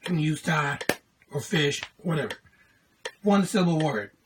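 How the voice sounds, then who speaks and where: A woman teaches a music lesson to the camera, walking through note values step by step and counting in before she chants the rhythm. Her voice sits a little low. A faint hiss runs under the recording. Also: animated, moderate pace. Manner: patient explaining, counting in and chanting syllables. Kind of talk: classroom lesson video.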